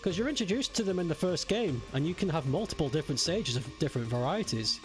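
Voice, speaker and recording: Casual British male streamer in his twenties, slightly high voice, clear game music underneath. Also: expressive, quick pace. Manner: chatty, swearing, laughing with chat. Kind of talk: casual gameplay commentary.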